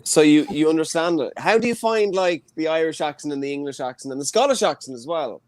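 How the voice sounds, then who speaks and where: A man hosting an online comedy show, jokey and brisk, moving the acts along. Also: fairly high pitch, animated.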